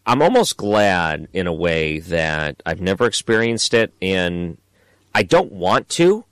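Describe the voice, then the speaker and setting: A man hosting a late-night radio talk show, asking his guest measured, thoughtful questions. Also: sits low, sing-song, fairly bright tone, clean tone, no echo.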